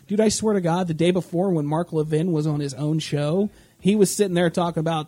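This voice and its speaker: A man's voice: fairly high pitch, a little fast, few pauses, mellow. A man hosting a casual podcast, ranting and mocking with constant swearing and rambling asides. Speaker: podcast host. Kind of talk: casual profane rant.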